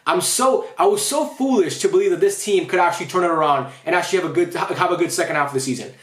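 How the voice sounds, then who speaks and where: A man's voice: high voice, fast talker, roomy sound. A man giving an angry, frustrated post-match rant as a football fan, swearing often and sounding upset.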